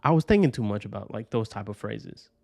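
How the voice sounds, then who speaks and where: A man's voice: fairly low pitch, animated, a little fast, creaky, a little mellow, dry recording. A man hosting a podcast, talking through a personal story in a loose, rambling way, swearing often and tagging sentences with "right?". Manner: rambling, profane, keeps tagging lines with "right?". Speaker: podcast host. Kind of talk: casual personal monologue.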